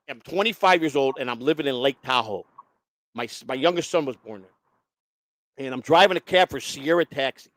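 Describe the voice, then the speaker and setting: A man rambles through a loose, profane chat, tripping over his own restarts. His voice sits a bit high and swings up and down a lot. The sound is dry and close. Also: a bit bright, no room sound. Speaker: show host. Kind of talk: casual chat.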